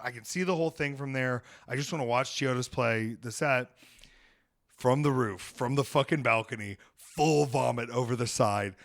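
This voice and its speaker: A man hosts a podcast and tells a story in loose, casual chat. He is animated and swears freely, slipping into the voices of the people he quotes. His voice sits at an ordinary middle pitch, and the close mic sounds dry, with no room around it. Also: no room sound. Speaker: podcast host.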